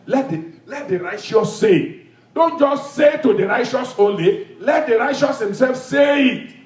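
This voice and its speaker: High-voiced man preaching in an echoey hall. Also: lively intonation, a little slow, darkish tone. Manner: emphatic, repetitive call-and-response preaching. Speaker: pastor. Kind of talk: sermon. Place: church hall.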